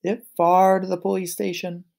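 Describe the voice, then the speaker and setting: A man's voice: high voice, completely flat delivery, normal speed, creaky, darkish tone, pitched above the performer's own voice. A man voicing a nervous little male pig in a read-aloud picture book, stammering and anxious.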